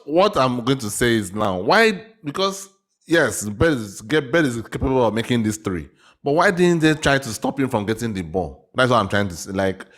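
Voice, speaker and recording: A man's voice: mid-range voice, fairly bright tone. A man from Africa hosts a casual reaction video in an ordinary mid-range voice. He presses his point hard, repeating questions and restating himself.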